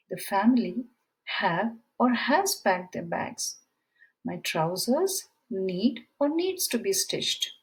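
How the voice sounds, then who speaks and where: A female English teacher gives a slow, deliberate grammar lesson, explaining rules with example sentences and reading quiz items aloud. Her voice is mid-range, and the audio quality is poor.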